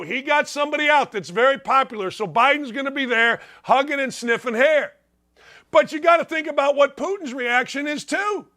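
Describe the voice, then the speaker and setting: A middle-aged man hosts a sports talk show with a very high, bright voice. He rants in an opinionated way and fires off rhetorical questions. His tone is forceful throughout. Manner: emphatic, rhetorical questions, ranting.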